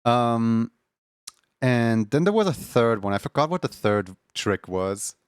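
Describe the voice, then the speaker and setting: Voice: mid-range voice, sing-song, a little slow, smooth, dry recording, clean studio sound. A streamer in casual chat with viewers, rambling and laughing often.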